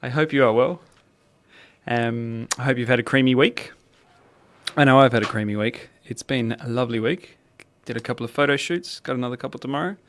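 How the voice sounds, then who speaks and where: A man's voice: medium pitch, fairly quick, fairly bright tone. A man hosting a music podcast in a playful, chatty way with jokey asides. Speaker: podcast host. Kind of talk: casual music podcast chat.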